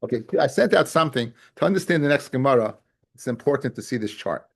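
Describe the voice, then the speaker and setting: A man's voice: mid-range voice, animated, fast, creaky. A man teaching a Talmud class, repeating key points and often asking his students whether they follow. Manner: keeps checking his class understands, calls them guys and fellas; repeats key phrases and restarts to drive points home. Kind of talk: Talmud study lecture.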